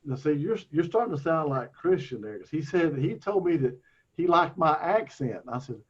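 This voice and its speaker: A man's voice: fairly high pitch, animated, normal speed, slightly rough. Laid-back Texan man on a call. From Texas. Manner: easygoing, laughs often. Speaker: moderator. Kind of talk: casual video call chat. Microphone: video call. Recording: muffled lo-fi video call audio.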